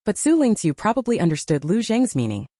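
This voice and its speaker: A woman narrating a web novel in a steady, scripted storytelling voice, with light changes for the characters' lines. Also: mid-range voice, a little fast, dry recording, clean studio sound. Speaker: audiobook narrator.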